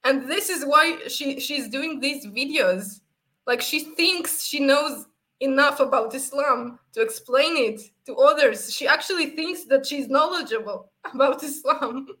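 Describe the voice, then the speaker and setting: A woman co-hosting a casual discussion, blunt and quick to laugh. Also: high-pitched, bright, forceful tone, low-quality recording.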